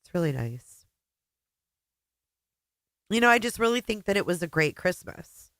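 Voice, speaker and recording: Speaking a little fast in a mid-range voice that's a bit bright and clean, a middle-aged woman runs a casual livestream with no room sound. She gets emotional and teary while chatting and calling out viewer names.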